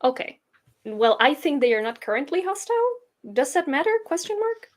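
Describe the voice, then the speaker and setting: A woman's voice: high voice, big pitch swings, fairly quick. A woman playing in a casual tabletop game, chatty and playful, asking about rules. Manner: chatty, playful, laughs easily. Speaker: player.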